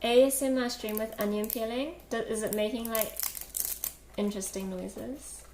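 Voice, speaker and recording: Woman, casual cooking streamer, higher voice, rambling with fillers, roomy kitchen echo, loud clatter of dishes behind. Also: steady tone, moderate pace, slight background noise. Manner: chatty, many fillers, giggly. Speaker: livestream host cooking. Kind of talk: casual cooking livestream chat, reading chat. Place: home kitchen. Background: kitchen clatter, chopping and dishes.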